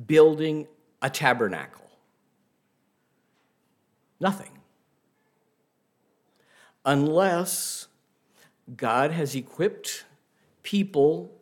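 A man preaching a sermon, telling stories in an unhurried way and asking the listeners rhetorical questions. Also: mid-range voice.

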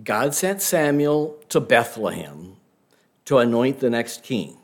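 A man preaching a sermon, telling stories in an unhurried way and asking the listeners rhetorical questions. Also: mid-range voice, sing-song.

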